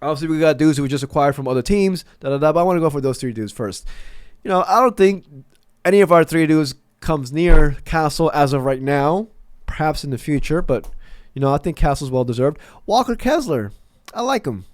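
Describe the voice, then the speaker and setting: Male fan commentator, slightly high pitch, casual and profane, dry recording. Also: lively intonation, brisk, no room sound. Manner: rambling, stammering restarts, profane asides.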